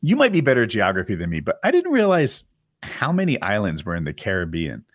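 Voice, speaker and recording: A man's voice: lowish voice, wildly swooping pitch, fast, no echo. A man in casual chat who rambles, swears and laughs often, acting as a podcast co-host.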